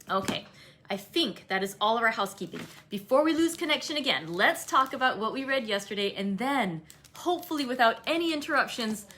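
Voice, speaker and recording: A woman hosting an online read-aloud group, chatting casually as she recaps the plot and slips into quick quoted asides. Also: medium pitch, a bit bright, a little hiss or hum. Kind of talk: casual book-club recap.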